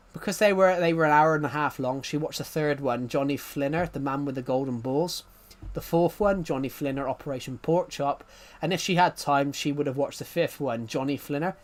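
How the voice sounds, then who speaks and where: A young man chatting casually on a live stream, rambling and self-deprecating, often laughing and restarting his sentences. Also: on the high side.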